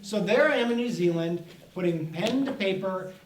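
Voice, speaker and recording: A man's voice: sits high, animated, moderate pace. A middle-aged man, an author, giving a playful, storytelling presentation to children at a festival. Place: festival event room. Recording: echoey room, speaker far from mic, faint noise.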